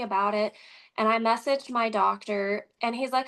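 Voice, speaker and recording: Animated Midwestern woman telling her story. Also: on the high side, normal speed. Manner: animated, acts out quoted dialogue. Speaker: interview guest. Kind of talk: conversational storytelling.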